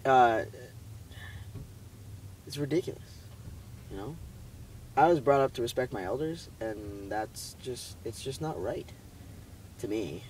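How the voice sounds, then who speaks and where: A young man chatting casually in a rambling, animated way, full of fillers, telling a story from inside a car. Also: medium pitch, slow, long pauses, far from the mic, slight background noise, low-quality recording. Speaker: vlogger. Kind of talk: casual chat.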